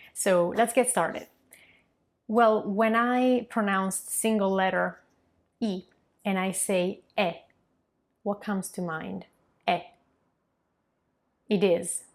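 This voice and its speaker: Young Italian woman, Italian accent, clear explanatory teacher, enunciates example sounds carefully. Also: medium pitch. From Milan, northern Italy. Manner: clear, explanatory, modeling pronunciations slowly. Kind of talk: online language lesson.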